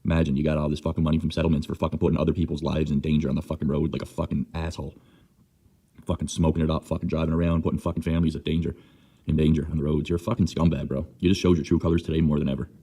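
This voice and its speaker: Deep fast-ranting husky man. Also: flat delivery, dark tone. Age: 30s. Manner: furious, profane, insulting. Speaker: livestreamer. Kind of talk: angry livestream rant.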